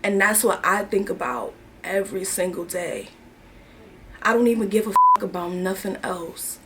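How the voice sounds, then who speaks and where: A woman's voice: mid-range voice, normal speed, heavy background noise. A young woman in her twenties from New York, telling a personal story to camera in candid, slangy, emotional chat. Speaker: vlogger. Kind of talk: casual confessional chat.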